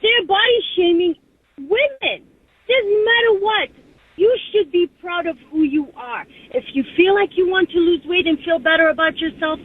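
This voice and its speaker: Lady calling in, really high voice, fired up, sounds like a phone call from a car. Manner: fiery, blunt, indignant. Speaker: caller. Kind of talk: call-in radio rant. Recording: phone line.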